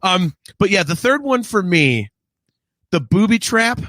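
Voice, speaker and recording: A man co-hosting a podcast, chatting excitedly about a film and acting out lines with laughs. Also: high voice, measured pace, dry recording. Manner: excited, laughing, acts out quotes. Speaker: podcast co-host. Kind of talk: casual film review chat.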